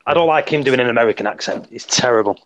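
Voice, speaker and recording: Bloke, rapid and jokey, mid-pitched voice. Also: male voice, low-quality recording. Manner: quick, joking. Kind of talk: casual chat.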